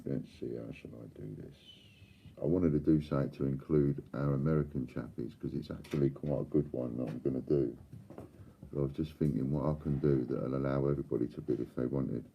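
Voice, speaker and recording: Deep-voiced chatty man. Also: fairly even intonation, fairly quick, vocal fry, highs cut off, slight background noise. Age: older. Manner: chatty, bantering, reads out viewer comments. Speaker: live stream host. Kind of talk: casual chat to live viewers.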